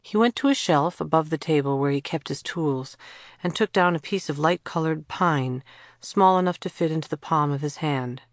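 Woman narrator, low voice, dry close sound, calm storytelling. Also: moderate pace, dry recording. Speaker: audiobook narrator. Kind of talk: scripted narration.

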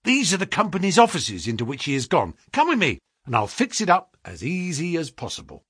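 An eager young clerk, bright-spirited and quick, his voice climbing when excited. A man puts him on as he reads the tale. A slightly husky tone in a dry, close recording. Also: on the high side, no room sound, pitched above the performer's own voice, heavily acted.

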